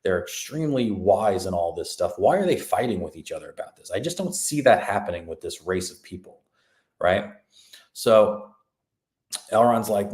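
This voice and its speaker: Podcast co-host, male, low voice, sarcastic recap delivery, roomy echo. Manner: sarcastic, mocking retelling with quick mimicked lines. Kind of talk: casual review recap.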